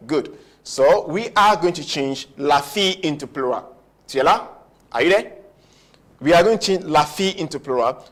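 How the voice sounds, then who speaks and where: A man teaching a French grammar lesson at a board, slowing down on key words and often checking that students follow. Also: medium pitch, fairly bright tone. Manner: repetitive, checks understanding often; slows down to stress key words. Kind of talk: whiteboard language lesson.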